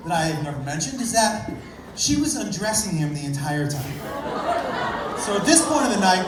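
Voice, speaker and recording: A male stand-up comedian telling a rowdy, profane story on stage, acting out voices and breaking into shouts. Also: high voice, background noise. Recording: echoey club, live crowd laughing. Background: crowd laughter.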